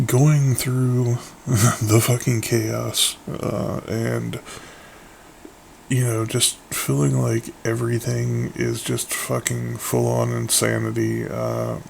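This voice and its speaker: Gravelly-voiced man in casual, profane chat. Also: mid-range voice, a little hiss or hum. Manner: rambling, profane, loose.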